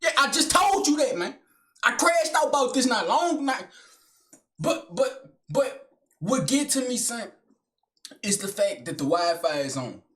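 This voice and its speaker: High, bright man ranting furiously. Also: sing-song, a little slow, long pauses, echoey room. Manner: furious shouting rant, slangy. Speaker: sketch comedian. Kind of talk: comedy rant sketch.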